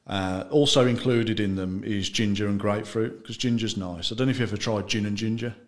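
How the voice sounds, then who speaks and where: Podcast guest: man, slightly low-pitched, relaxed rambling chat with frequent laughs. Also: a little fast. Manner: chatty, loose, laughs often, trails off mid-sentence. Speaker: gin brand founder, guest. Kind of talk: casual interview chat.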